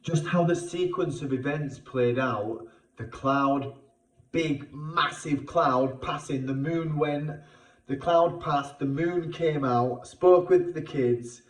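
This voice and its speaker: A British man talking through an emotional personal experience in a vlog, halting and repeating himself with many fillers. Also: fairly high pitch. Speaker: vlogger. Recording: roomy sound, far from the mic.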